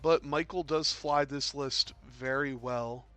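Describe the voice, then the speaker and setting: A tired man commentating a tabletop game on his own stream. He talks slowly in a mid-pitched voice, rambling and filling gaps with ums, while faint music plays underneath. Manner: relaxed, rambling, with many fillers and yawns.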